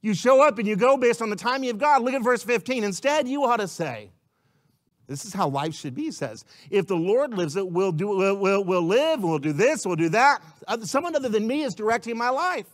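A pastor delivers a sermon in a high, light voice. He keeps it conversational and animated, tossing questions to the congregation and slipping into quick voices of doubters. He is a man at ease with his flock.

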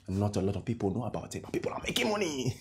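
A cheeky Ghanaian houseboy. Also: male voice, lowish voice, big pitch swings, rapid-fire, slight background noise. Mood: persuasive. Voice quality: nervous laughs, pleading then persuasive. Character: cheeky young male houseboy turned smooth schemer. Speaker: household worker.

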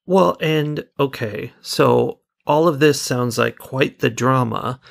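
A man co-hosting a podcast, talking about a movie in a relaxed, wry way. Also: medium pitch, slow pace, gravelly. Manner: relaxed, wry, laughs often. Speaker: podcast co-host. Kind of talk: casual movie discussion.

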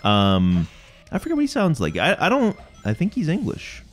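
A man's voice: a little high, huge pitch swings, normal speed, soft background music. A young man co-hosting a let's play, chatting casually with loose, profane banter and frequent restarts. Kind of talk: casual gaming commentary.

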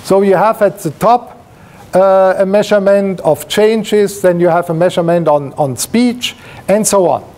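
A man's voice: high voice, moderate pace, a little mellow. A male professor giving an academic seminar lecture, explaining while pointing at slides, with frequent fillers and restarts.

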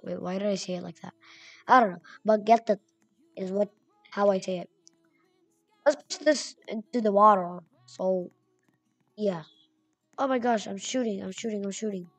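A young woman giving excitable, chatty commentary while playing a video game, reading names aloud as she goes. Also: medium pitch, moderate pace, pauses often, dry recording. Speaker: gamer. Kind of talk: gameplay commentary.

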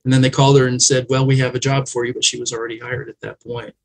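Man telling family stories, faint rumble. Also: flat delivery, fast, low-quality recording. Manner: reflective storyteller, emotional. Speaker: guest. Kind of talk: conversational interview.

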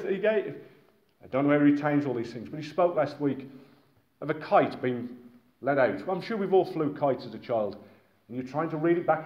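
A man from Britain preaching a sermon in a lively, conversational way with asides to his listeners. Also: a little high. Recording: echoey, dull-sounding hall recording.

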